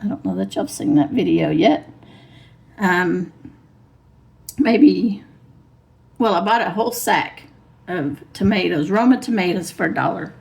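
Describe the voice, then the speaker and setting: A woman vlogger, chatting casually and rambling through her plans, her voice a bit hoarse. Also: lowish voice, a little slow, pauses often, darkish tone. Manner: chatty, rambling, laughs often. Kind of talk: casual chat. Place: truck camper.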